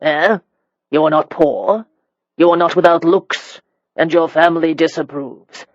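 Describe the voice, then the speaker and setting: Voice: medium pitch, fairly even intonation, a little slow, dry recording, highs cut off, lightly acted. Imperious old marquis, voiced by an audiobook reader, blunt, commanding, dry close recording. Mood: gruff. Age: older. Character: gruff elderly male marquis, imperious and sharp-tongued. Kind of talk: audiobook character reading.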